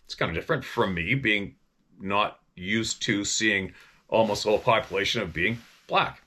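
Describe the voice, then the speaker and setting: A middle-aged man tells stories in a casual, rambling way. His voice sits on the low side, and he swears freely and restarts sentences midway. He talks like a hunting guide spinning yarns. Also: normal speed, sharp tone. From Vancouver Island, Canada. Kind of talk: casual storytelling.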